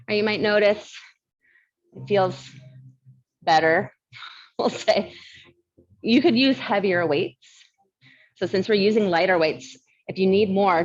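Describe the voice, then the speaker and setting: A woman instructor leading a barre fitness class, chatty and quick to laugh, counting down reps, with a slight lisp. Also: mid-range voice, dull audio. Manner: mild lisp from new aligners.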